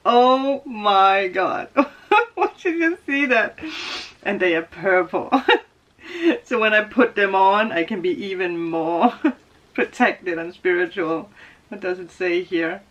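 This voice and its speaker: Giggly bright-voiced woman unboxing gifts. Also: mid-range voice, lo-fi sound. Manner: giggly, gushing, laughs often. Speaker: tarot vlogger. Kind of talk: casual unboxing vlog.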